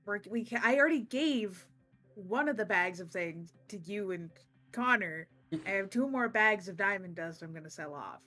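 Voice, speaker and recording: A woman's voice: medium pitch, animated, moderate pace, bright, forceful tone, faint music behind. A woman playing a tabletop game, chatting casually and bluntly. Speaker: player.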